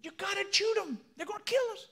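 A man's voice: very high voice, expressive, fast, gravelly, pushed and bright, voice pushed up, heavily acted. A man voicing Boudreaux, a hot-tempered Cajun man driving a covered wagon in a joke, with a put-on Cajun accent. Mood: excited.

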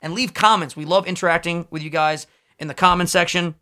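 A man's voice: fairly high pitch, fairly even intonation, a little fast, sharp tone. A man in his twenties co-hosting a podcast, chatting loosely with jokes and swearing. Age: 20s. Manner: loose, swearing, jokey banter. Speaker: podcast co-host. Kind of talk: casual podcast chat.

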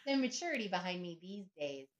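A woman's voice: on the low side, very animated, a little fast, muffled recording. A middle-aged woman speaking as a podcast guest, reflective and conversational, often checking in with "right?" and "you know". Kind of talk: conversational interview.

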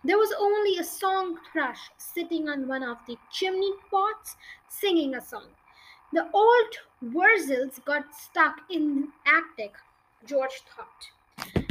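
Podcast reader: woman, expressive children's-book narration, bright tone. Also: very high-pitched, rough recording. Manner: expressive, lively read-aloud. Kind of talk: reading a children's book aloud.

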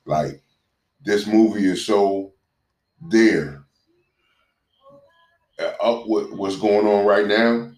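Deep-voiced man, casual chat, halting and earnest, lots of fillers, echoey room. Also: fairly even intonation, darkish tone. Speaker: conversation partner.

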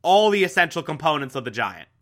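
A man's voice: fairly high pitch, very animated, fast talker, fairly bright tone. A young man casually recapping a TV show, enthusiastic and repetitive, with lots of fillers. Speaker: TV recap host.

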